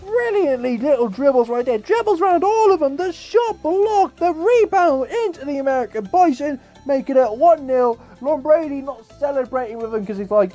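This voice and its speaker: Exasperated gamer ranting over highlights. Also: male voice, expressive, normal speed, few pauses, dark tone, faint music behind. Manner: exasperated, swearing, ranting about his team. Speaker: gaming YouTuber. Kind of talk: casual commentary over game highlights.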